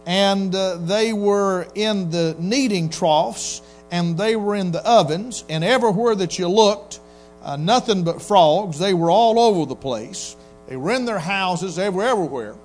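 A man delivers a sermon in a homespun, storytelling manner. His voice sits high, and he slips into little voices to act out what people say. A faint organ-like music bed and a mains hum run underneath. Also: unhurried, a little mellow. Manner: folksy Southern preacher, acts out quotes in voices. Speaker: pastor.

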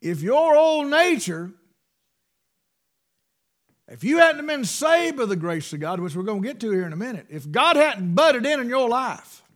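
A man preaching a sermon in a folksy, emphatic way, swinging between loud bursts and hushed asides. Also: extremely high pitch, sing-song, normal speed.

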